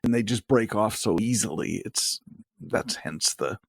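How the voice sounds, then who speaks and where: A man co-hosting a casual podcast chat, jokey and quick to laugh, often stumbling and restarting as he talks. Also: fairly low pitch, vocal fry, no room sound, studio quality. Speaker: podcast co-host.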